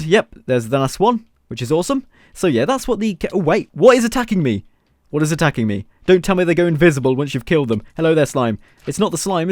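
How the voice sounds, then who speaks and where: A young man giving casual, chatty gameplay commentary as a video host, excitable and laughing often. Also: a little high, dry recording, clean studio sound. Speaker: gaming YouTuber.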